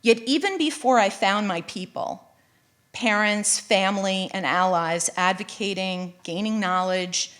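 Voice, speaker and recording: Middle-aged woman, writer reading her personal essay live; measured, earnest delivery, mid-range voice. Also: mid-range voice, a bit bright. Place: college event space, live audience.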